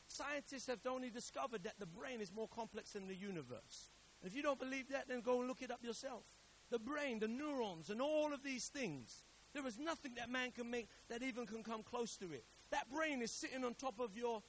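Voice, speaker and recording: A man preaching a sermon who swings between hushed storytelling and loud exhorting, repeating words for emphasis and acting out the voices he quotes. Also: very high voice, slight background noise, rough recording. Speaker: pastor.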